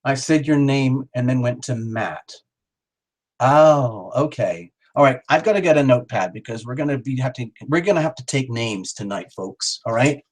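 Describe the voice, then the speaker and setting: A man's voice: mid-range voice, lively intonation, moderate pace. A middle-aged man hosting a live tarot stream, rambling and joking as he calls out viewers by name. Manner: jokey, rambling, talks straight to viewers by name.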